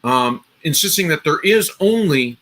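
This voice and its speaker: A man's voice: on the high side, animated, measured pace, heavy background noise. A man hosting a live stream, giving casual political commentary in a rambling way, with frequent restarts and asides to his viewers. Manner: rambling, restarts often, talks straight to viewers.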